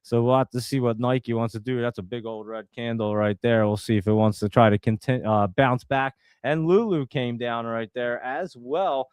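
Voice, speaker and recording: A man's voice: mid-range voice, steady tone, moderate pace, few pauses, darkish tone, smooth, no echo, clean studio sound. A man from New Jersey hosting a live stock market stream, talking casually and rambling in an exasperated way to his viewers. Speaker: stock market show host.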